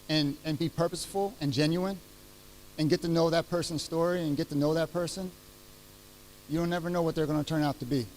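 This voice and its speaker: A middle-aged man speaking at a retirement ceremony, heartfelt and halting as he restarts his sentences. His voice sits fairly high for a man, and a faint hum lies under it. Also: low-quality recording. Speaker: retiring chief master sergeant giving a speech. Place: ceremony venue.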